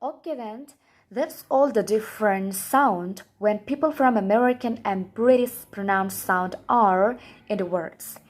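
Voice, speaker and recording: A woman's voice: medium pitch, unhurried. Young woman, student presenter, scripted class presentation, careful reading, non-native english speaker. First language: Indonesian.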